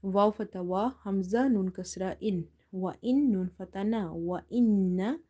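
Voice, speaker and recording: Woman, Quran teacher, warm mellow tone, patient letter-by-letter drilling. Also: mid-range voice. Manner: slow, patient, spells out each letter and vowel. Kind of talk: tajweed lesson.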